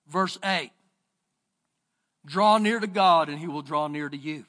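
A man with a Texan accent preaching a sermon as pastor, his voice rising and falling in pitch and loudness. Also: unhurried, pauses often. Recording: church sermon with long reverb.

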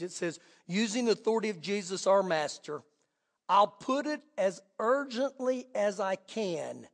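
Male pastor, high voice, animated sermon delivery, church hall echo. Loud-to-hushed swings.

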